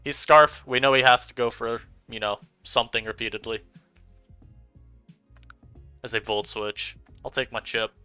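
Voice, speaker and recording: A man giving chatty, animated commentary over his own gameplay as a streamer, laughing often. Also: mid-range voice, normal speed, long pauses, clear, resonant tone, dry recording, soft background music. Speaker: online game streamer.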